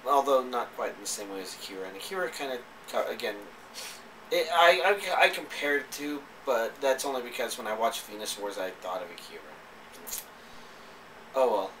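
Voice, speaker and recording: A man's voice: mid-range voice, normal speed, fairly bright tone, far from the mic, slight background noise, low-quality recording. A man giving a casual, rambling spoken review, with hesitant speech full of fillers and restarts. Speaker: anime reviewer.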